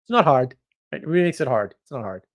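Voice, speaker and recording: A man hosting a casual livestream, chatting and reacting to viewer comments in a rambling, opinionated way, often getting louder or dropping suddenly to a mutter. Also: medium pitch, lively intonation. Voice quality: rambling, opinionated, quick shifts in loudness. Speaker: livestream host.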